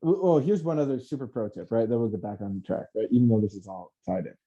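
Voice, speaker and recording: A man in casual motivational chat, talking in an animated, profane self-help style. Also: mid-range voice, fast talker, muffled recording.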